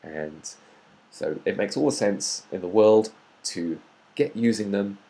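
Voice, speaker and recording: A man's voice: on the low side, measured pace, mellow, rough recording. A man giving a patient grammar lesson as a tutor, explaining step by step with frequent ums.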